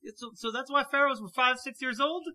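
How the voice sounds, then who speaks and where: A man's voice: extremely high pitch, fairly even intonation, a little fast, bright, forceful tone. A man in a casual comedic chat, skeptical and teasing with dry quips.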